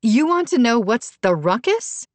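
A woman narrating an audiobook voices an anxious, panicked mother who speaks high and tense. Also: sing-song, measured pace, dry recording. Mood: panicked, accusing.

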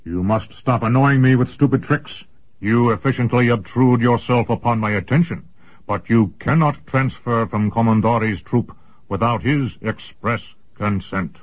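A man voicing a massive, gruff old male sorcerer who speaks in a rumbling, lecturing way. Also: measured pace, lightly acted. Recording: dull lo-fi recording.

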